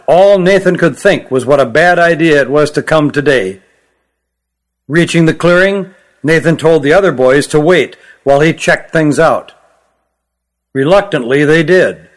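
A man narrating his own novel as an audiobook, in a steady, measured reading. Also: fairly high pitch.

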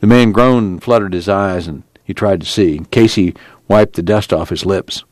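A man reading a novel aloud in a steady, measured storytelling voice. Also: deep voice, no echo. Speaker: narrator. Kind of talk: audiobook narration.

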